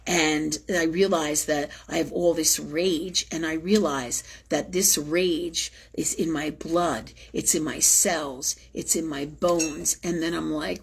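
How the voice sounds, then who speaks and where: Woman, spiritual livestream host; low, husky voice, intense confessional monologue with blunt swearing. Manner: emotional, intense, swears freely; repetitive, emphatic phrasing.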